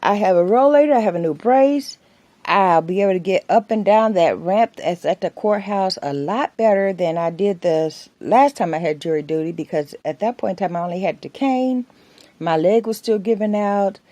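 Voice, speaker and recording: A woman's voice: medium pitch, moderate pace, dark tone, dry recording. A woman vlogger chatting casually to camera, rambling through everyday anecdotes and laughing between them. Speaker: soap maker and vlogger.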